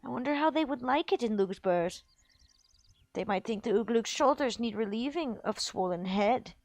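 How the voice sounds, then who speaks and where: Evil male orc, sneering, scheming, softer than the rest, a woman putting it on, dry sound. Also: on the high side, expressive, moderate pace, dry recording. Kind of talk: reading a book aloud on a livestream.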